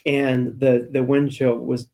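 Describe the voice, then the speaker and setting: A man co-hosting a weekly church podcast, with a mellow, darker tone. He talks in an easygoing, chatty way and tells stories with light laughs. His pitch sits in the middle range. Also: flat delivery, takes it slowly, creaky. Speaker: church staff podcast co-host. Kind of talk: casual church podcast chat.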